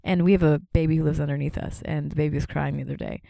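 A woman in her thirties from Canada, telling stories as a guest in casual chat, with quick laughs and voices for the people she quotes. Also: low voice, fairly even intonation, vocal fry, mellow, no echo, clean studio sound.

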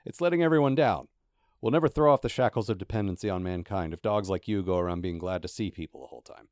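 Storybook read-aloud: a cynical, grumbling scruffy dog, voiced by a man, low and dry. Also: fast talker, a little mellow, no echo, close to an everyday voice. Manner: grumbling, self-pitying. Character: scruffy cynical small male talking dog. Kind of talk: reading a novel passage aloud.

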